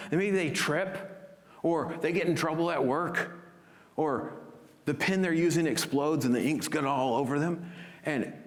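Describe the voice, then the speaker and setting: Pastor guy preaching, pitch jumps around a lot, sits a bit high, long echo from the hall. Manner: expressive preaching, drops to a hush for emphasis. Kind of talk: sermon.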